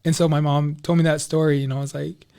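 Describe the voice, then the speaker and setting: Guest, male, pitched a touch high; loose, rambling storyteller. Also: flat delivery, quick pace, gravelly, dark tone, clear, resonant tone. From Minneapolis, USA. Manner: loose and rambling, heavy on "like" and "you know". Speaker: podcast guest. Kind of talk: casual personal storytelling.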